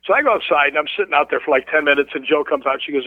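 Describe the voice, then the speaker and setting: A man casually telling a ghost story as a guest, animated and acting out the voices of the people in it. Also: on the high side, racing, no room sound. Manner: animated, acts out quoted voices. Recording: tinny phone line.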